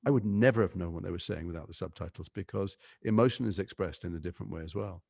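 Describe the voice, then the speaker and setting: A middle-aged male actor being interviewed, telling animated stories and mimicking voices. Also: low voice, fast talker, gravelly, no room sound, studio quality. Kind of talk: interview conversation.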